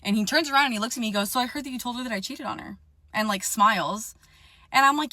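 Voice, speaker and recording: A woman's voice: a little high, fast talker, no echo. Young woman, casual storytime rant, profane and fired up, dry recording. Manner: animated, profane, indignant.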